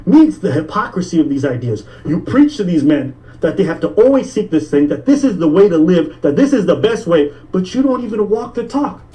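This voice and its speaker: A man in a played clip giving critical commentary in an animated, mocking way. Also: high-pitched, a little fast, hardly any pauses, far from the mic, low-quality recording. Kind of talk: casual commentary.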